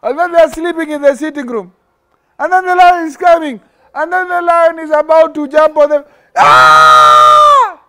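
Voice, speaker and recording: A young man with a very high voice teaches children in a lively, animated way. He acts out scenes and keeps the kids answering with call-and-response questions. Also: fairly quick, a faint crowd. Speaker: children's religious teacher and host. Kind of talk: interactive children's lesson.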